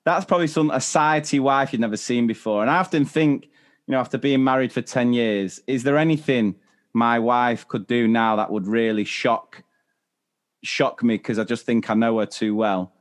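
A man's voice: mid-range voice, moderate pace. Man hosting a chatty podcast. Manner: reads out stories and quizzes his co-host. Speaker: podcast co-host. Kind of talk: casual chat.

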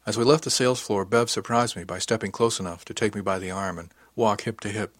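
A man reading a novel aloud in the first person as an audiobook narrator, with even, unhurried storytelling. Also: fairly low pitch, dry recording, clean studio sound.

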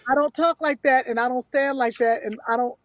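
High-pitched teasing woman podcaster. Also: steady tone, fairly quick, dry recording. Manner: playful, teasing, protesting. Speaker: podcast co-host. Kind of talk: casual comedic chat.

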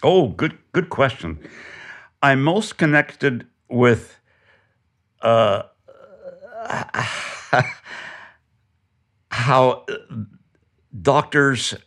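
Older guy, bright lively voice, laughing through a story. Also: mid-range voice, very slow, long pauses. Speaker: guest, film director and puppeteer. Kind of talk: casual interview chat.

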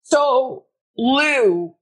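Woman, middle-aged, husky, lively pitch, animated storyteller, swears casually, interview guest. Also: very slow. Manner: animated storyteller, acts out quotes, swears freely, laughs often. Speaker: guest, fitness personality.

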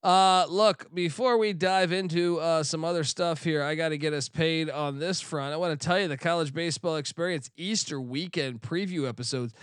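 A man with a fairly high voice hosts a sports betting podcast and rambles loosely, dropping profanity along the way. The sound is dry and close on the mic, with no room echo. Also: moderate pace, few pauses, fairly bright tone, clear, resonant tone. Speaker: podcast host.

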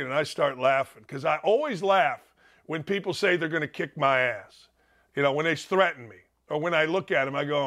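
A middle-aged man hosting a sports talk show, telling loud stories and swinging from low mutters to shouted outbursts. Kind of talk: opinionated sports talk monologue.

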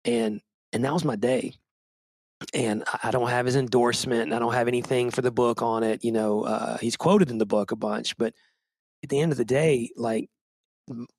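A man's voice: medium pitch, creaky, husky, dry recording. A man who is a pastor, talking earnestly and self-deprecatingly in a podcast conversation, often restarting his sentences. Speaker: pastor and book co-author.

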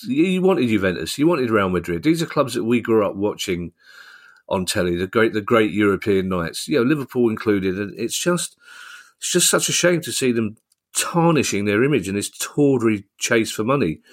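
A man's voice: fairly low pitch, animated, moderate pace. A man co-hosting a podcast in casual chat, self-deprecating and talkative, often restarting his sentences. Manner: self-deprecating, chatty, frequent restarts and laughs. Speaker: podcast co-host.

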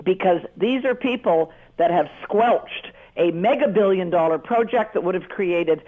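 A woman's voice: lowish voice, measured pace. Woman, panelist, urgent, exhorting, thin phone-line audio. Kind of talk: talk show commentary by phone.

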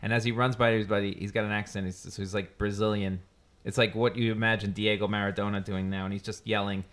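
A man's voice: lowish voice, little pitch movement, quick pace, a bit bright. A man hosting a casual chat, telling rambling joking stories. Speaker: podcast host.

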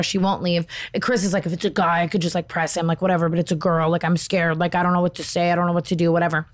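Animated young woman telling a wild story. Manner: animated, acts out shrill quoted voices, says "like" often. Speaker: podcast co-host. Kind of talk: casual chat, storytelling.

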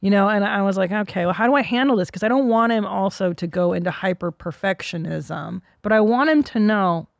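A middle-aged woman hosting a podcast, telling stories in a brash, profane, animated way. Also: medium pitch, fairly quick, creaky, hardly any pauses, dry recording, clean studio sound. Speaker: podcast host. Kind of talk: casual comedic chat.

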